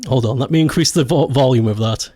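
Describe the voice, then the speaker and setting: A man's voice: mid-range voice, fast talker, dark tone, slightly rough. A man chatting casually on a live stream, joking around, laughing often and swearing freely.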